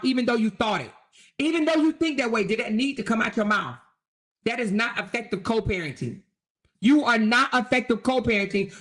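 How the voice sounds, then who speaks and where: A woman's voice: a little high, natural voice. A woman host voicing a brusque, furious judge who scolds a litigant with profanity, in satirical commentary. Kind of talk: satirical commentary role-play.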